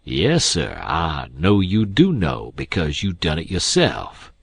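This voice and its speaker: A man's voice: deep voice, huge pitch swings, slow, creaky, slightly rough, no room sound, exaggerated voice. A man voicing an older male swindler who drawls and wheedles. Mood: sly.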